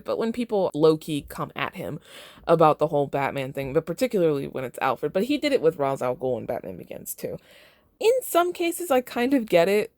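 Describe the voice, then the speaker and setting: An American woman hosts a podcast, casually commenting on and reading aloud her own fan fiction. She's chatty, says "like" a lot, and breaks into laughter. Her voice sits on the low side with a darkish tone, recorded at studio quality with no echo.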